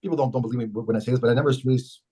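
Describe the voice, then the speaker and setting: A man's voice: medium pitch, steady tone, rapid-fire, warm tone, husky, low-quality recording. A middle-aged man from Canada being interviewed as a mayor, telling long rambling stories full of restarts and self-corrections. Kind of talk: casual storytelling interview.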